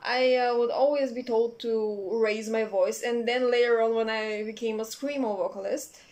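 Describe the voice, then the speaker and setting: A young woman telling a personal story in a casual, rambling way, swearing freely and filling pauses with "uh" and "like". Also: on the high side, steady tone, darkish tone. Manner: rambling, profane, many fillers. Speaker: vlogger.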